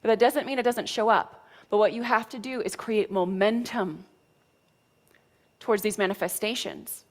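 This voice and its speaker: Woman coach giving a spiritual pep talk, blunt and chatty, swears a little, mid pitch. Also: moderate pace. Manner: frank and casual, with mild cursing and frequent "right?" check-ins. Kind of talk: motivational teaching talk.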